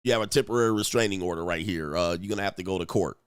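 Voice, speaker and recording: A man voicing a stern deputy serving court papers, brisk and official. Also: low-pitched, clean tone, no room sound, studio quality, pitched below the performer's own voice, natural voice.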